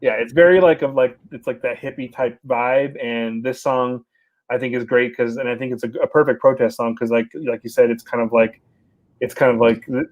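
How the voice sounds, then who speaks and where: A man's voice: mid-range voice, fairly even intonation, brisk, lo-fi sound. A man co-hosting a casual podcast chat, rambling with lots of restarts. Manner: rambling, many fillers and restarts. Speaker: podcast co-host.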